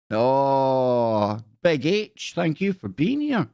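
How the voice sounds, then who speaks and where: A man's voice: medium pitch, sing-song, slow, darkish tone, no room sound. Dry, scornful man hosting a livestream. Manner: scornful, rambling, chatty with viewers. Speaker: live stream host. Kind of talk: casual live stream chat.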